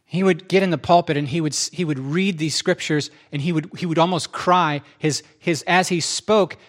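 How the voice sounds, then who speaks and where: A middle-aged man preaching, telling his testimony in an animated, self-interrupting way and acting out quotes. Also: fairly high pitch, moderate pace. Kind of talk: testimony storytelling.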